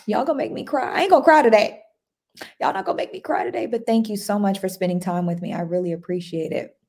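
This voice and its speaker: A woman chatting on a livestream. She talks warmly and casually, thanks her viewers and reads their comments aloud. Her voice sits in an ordinary middle pitch. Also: fast talker. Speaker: livestream host. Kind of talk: casual live-stream chat.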